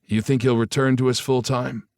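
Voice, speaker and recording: A man's voice: medium pitch, little pitch movement, normal speed, darkish tone, no echo, voice pushed up, close to an everyday voice. Man voicing an easygoing groom-to-be, friendly, light, dry close sound. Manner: friendly, chuckling.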